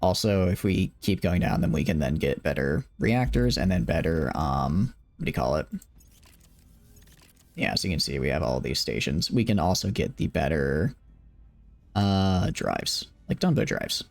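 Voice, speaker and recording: A man's voice: low-pitched, animated, normal speed, vocal fry, no echo, faint music behind. A tired young man casually commenting on his game during a late-night live stream, rambling and joking at his own expense. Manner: rambling, joking, self-deprecating.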